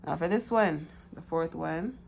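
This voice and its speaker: A woman's voice: deep voice, unhurried, vocal fry, a little mellow, slight background noise. A woman giving a casual pick-a-card tarot reading, loose and slangy with many fillers.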